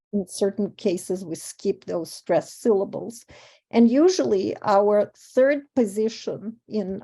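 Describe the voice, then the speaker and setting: A woman whose first language is Russian gives an academic conference talk on verse, thoughtful and pausing, with frequent ums and self-corrections. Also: mid-range voice, a little mellow. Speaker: panel speaker on verse translation.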